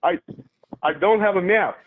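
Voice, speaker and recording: A Russian-accented man in his thirties calls in over a tinny phone line, his voice sitting fairly high. He speaks halting, broken English and sounds puzzled and literal. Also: a little hiss or hum. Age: 30s. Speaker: caller. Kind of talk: call-in phone conversation.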